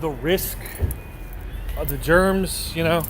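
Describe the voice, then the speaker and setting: A man with a slow, slightly high voice live-streams outdoors on a city street at night. He rambles and jokes while answering viewers' messages, often breaking into laughter, against faint traffic and street ambience.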